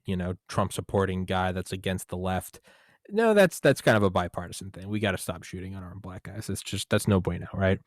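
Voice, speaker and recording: A man's voice: low-pitched, no room sound, studio quality. An American man hosting a podcast, talking casually in a rambling, jokey way with a lot of swearing. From United States. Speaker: podcast host.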